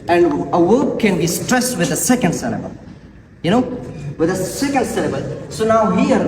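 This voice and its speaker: A man giving a classroom presentation, repeating words and examples slowly and haltingly. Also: sits high. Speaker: student presenter. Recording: echoey classroom from far off, noisy.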